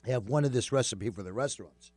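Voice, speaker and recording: A man's voice: a little fast, no echo, faint music behind. A man with a New York accent hosting a talk show in casual, rambling chat. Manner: animated, rambling, loud jumps in pitch.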